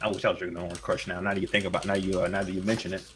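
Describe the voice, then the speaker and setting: A man's voice: low voice, level tone, racing, fairly bright tone, a little hiss or hum. A man co-hosting a casual podcast, upbeat, with joking mock-grand declarations. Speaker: podcast co-host.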